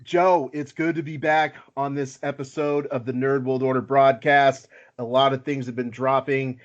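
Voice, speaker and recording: Chill guy hosting a nerd podcast, rambly, jokes on himself, mid pitch, kinda muffled sound. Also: flat delivery, normal speed. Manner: easygoing, self-deprecating, lots of filler. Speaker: podcast host. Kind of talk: casual podcast chat. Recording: slightly dull lo-fi audio.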